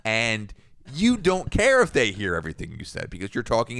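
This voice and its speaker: A man's voice: on the low side, huge pitch swings, fairly quick, gravelly, a bit bright. A man in his thirties co-hosting a podcast, telling a casual story in a rambling way with frequent restarts. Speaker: podcast co-host.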